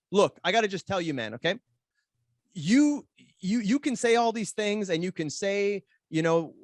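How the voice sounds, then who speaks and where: A man and podcast guest telling a story in an animated way, fast and with many restarts as he acts out quoted arguments. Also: sits high, dry recording, clean studio sound. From Canada. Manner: rapid, repeats words while acting out quoted arguments. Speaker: podcast guest, pro wrestler.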